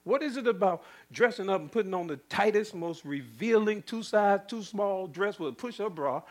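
A male preacher delivering a sermon, firing rhetorical questions at the congregation, chuckling and swinging between loud and hushed. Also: sits high, expressive, normal speed.

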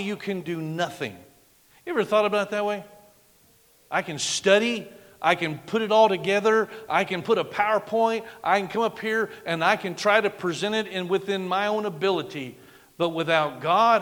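A middle-aged man preaching a sermon as a guest pastor, emphatic, swinging from loud declarations to hushed lines. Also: high-pitched, normal speed. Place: church sanctuary. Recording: long reverb of a large church hall.

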